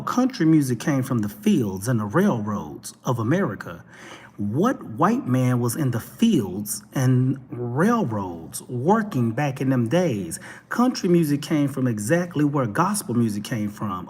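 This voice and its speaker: A man with a Texan accent giving casual, animated commentary as a talk show host, speaking straight to his viewers. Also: a little high, slightly rough. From Texas. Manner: animated, preachy, addresses viewers directly.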